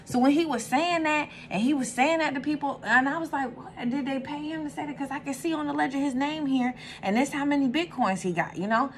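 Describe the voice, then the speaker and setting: A young woman hosting her own channel in casual, animated chat, swearing freely and jumping to sudden high squeals. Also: a little fast, hardly any pauses, a little hiss or hum. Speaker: tarot reader and channel host.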